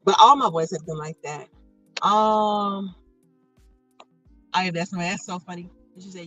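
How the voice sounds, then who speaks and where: A bright, clear-toned middle-aged woman talking casually to her live chat audience. She laughs easily and enunciates each syllable, with soft music playing faintly behind her. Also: on the low side, unhurried, long pauses, dull audio. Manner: chatty, laughing, pronounces every syllable. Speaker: livestream host reading chat.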